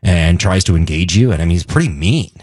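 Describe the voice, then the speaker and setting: Guy cohosting a radio talk show, husky low voice, bounces around a lot in pitch, keeps restarting his sentences. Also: expressive, fairly quick, a little mellow, dry recording, clean studio sound. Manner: explanatory, stumbling restarts. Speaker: radio co-host. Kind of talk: casual talk radio chat. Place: radio studio.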